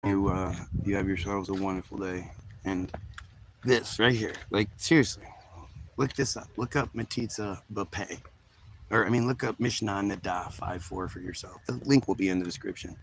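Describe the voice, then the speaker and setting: A man with a low, gravelly voice talks straight to his viewers in a rambling, emphatic way, stumbling and restarting his sentences. There is a faint hiss of noise behind him. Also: normal speed, rough recording. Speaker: video host. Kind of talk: casual commentary to viewers.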